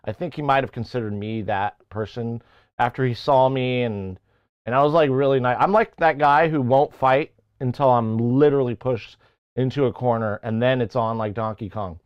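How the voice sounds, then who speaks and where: A man's voice: mid-range voice, normal speed, smooth, no room sound, lo-fi sound. A man hosting a livestream, rambling through a casual story with plenty of swearing. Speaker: livestream host. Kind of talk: casual chat.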